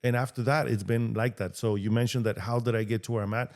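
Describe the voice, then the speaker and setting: Mexican-born man telling animated stories. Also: medium pitch, fast. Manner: animated, acts out quoted dialogue. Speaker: podcast guest, real estate agent. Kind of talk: storytelling interview talk.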